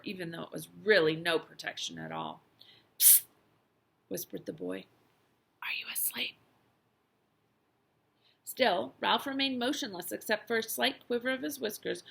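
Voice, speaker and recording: A woman teacher reading a children's novel aloud, with expressive storytelling and lively emphasis. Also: mid-range voice, gravelly, breathy edge.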